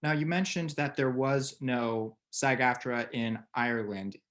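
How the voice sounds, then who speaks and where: A man's voice: medium pitch, steady tone, unhurried, a bit bright. A man hosting an interview, curious and playful, asking long, winding questions. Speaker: interviewer, host. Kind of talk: casual interview talk.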